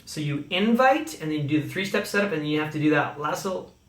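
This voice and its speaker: Man, slightly high voice, upbeat sales coach, echoey room. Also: animated, fast, fairly bright tone. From Canada. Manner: upbeat coaching, frequent "okay?" check-ins. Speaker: sales trainer. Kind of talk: recorded training talk.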